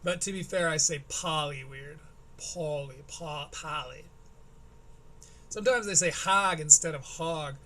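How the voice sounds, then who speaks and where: A man's voice: on the high side, bright, forceful tone. A man with a Michigan Midwestern accent, chatting wryly as a live-stream host reacting to a comedy special. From Michigan, USA. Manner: wry, chatty, quick asides.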